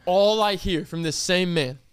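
A young man telling a story in a casual chat, animated and loose, with plenty of fillers. His voice sits high for a man, and the sound is close and dry. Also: a little slow, smooth, no echo.

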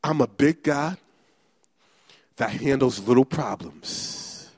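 A male pastor preaching a fervent, repetitive sermon that builds to shouting. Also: medium pitch, takes it slowly, breathy edge, no echo, studio quality.

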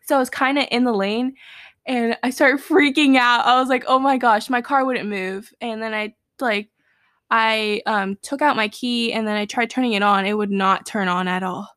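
Woman, young adult, casual chat, rambling storyteller, lots of fillers, slightly high voice, dry close sound. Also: steady tone, moderate pace, a bit bright, no echo. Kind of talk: casual chat between friends.

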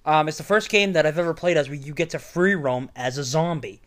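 A man's voice: on the high side, brisk. A man co-hosting a casual podcast, rambling and loose in his banter. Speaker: podcast co-host.

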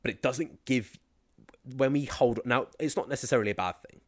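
A man's voice: mid-range voice, a little fast, no room sound, clean studio sound. A man, a fitness and mindset coach, chatting casually as a podcast guest and telling stories animatedly, slipping into other people's accents. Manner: animated storyteller who slips into mimicking accents.

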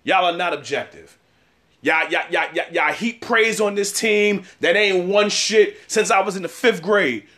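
A man's voice: high-pitched, measured pace, pushed and bright. A man in his thirties giving a casual sports opinion segment, trash-talking rival fans with lots of repetition. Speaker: sports commentator.

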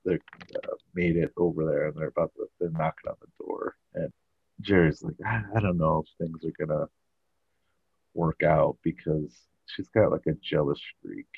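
A man recapping a sitcom in a very low, husky voice. He rambles and fills with lots of uhs. The sound is dry and dull. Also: fairly even intonation, normal speed, dry recording. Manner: rambling, filler-heavy storytelling. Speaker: podcast host. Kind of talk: casual show recap.

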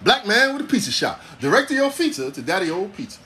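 A man in his forties delivering a casual comedic monologue, animated, preachy and full of profanity. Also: sits high, quick pace, few pauses. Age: 40s.

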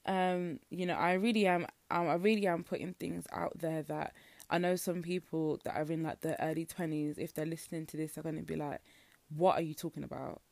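A woman's voice: sits low, steady tone, a little fast, vocal fry, a little mellow, dry recording. A young woman with a Birmingham accent hosting her solo podcast, talking frankly and opinionated, full of "like" fillers. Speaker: podcast host. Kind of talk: casual solo podcast rant.

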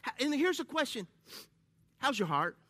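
A man with a very high, sharp, bright voice preaches a lively sermon to a congregation in a church. He jokes and calls out to the crowd in an energetic call-and-response. The sound is dry and close. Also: moderate pace, dry recording.

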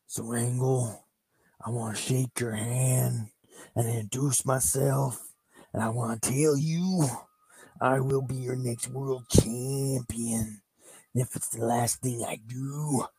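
A man voicing a flamboyant, boastful wrestler in a strained, gravelly rasp, with drawn-out growls and sudden yells. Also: mid-range voice, steady tone, dry recording. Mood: boastful intense. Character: wild-voiced flamboyant male wrestler, boastful, intense.

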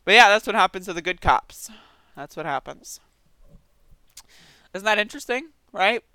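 A man's voice: sits high, lively intonation, moderate pace, pushed and bright, dry recording. A man giving casual, sarcastic news commentary, reading articles aloud and reacting with disbelief. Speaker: political commentary streamer.

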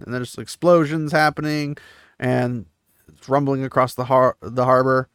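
A man's voice: medium pitch, little pitch movement, moderate pace, smooth, dry recording, studio quality. A man giving a casual chapter recap, paraphrasing the story and breaking in with offhand asides. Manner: paraphrases the text, mixing reading with offhand asides. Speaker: book series recap host.

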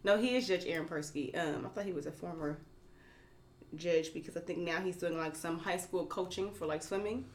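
A woman's voice: on the low side, fairly quick. A woman co-hosting a casual chat podcast, telling a story with many fillers and bursts of laughter. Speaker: podcast co-host.

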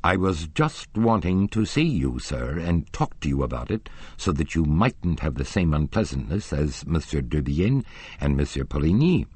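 A man voicing a proud, solemn older woman box-keeper who speaks in a rough tone. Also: extremely low pitch, very animated, normal speed, darkish tone, dry recording, exaggerated voice.

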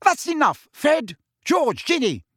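A man's voice: very high-pitched, big pitch swings, slow pace, sharp tone, dry recording, studio quality, pitched above the performer's own voice, exaggerated voice. A man voicing a fussing, bossy middle-aged mother who scolds her children and fusses over a boy. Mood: scolding.

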